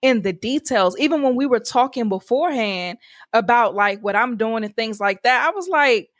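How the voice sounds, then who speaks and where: A woman's voice: fairly high pitch, animated, normal speed, no echo, clean studio sound. A woman podcast host chatting enthusiastically and conversationally with her guest. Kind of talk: casual interview chat.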